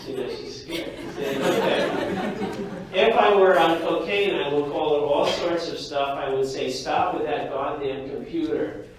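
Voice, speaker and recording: A male lecturer giving a lively, jokey classroom lecture and talking straight to his students. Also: on the high side, measured pace, some chatter behind. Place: lecture hall. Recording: echoey hall from far off.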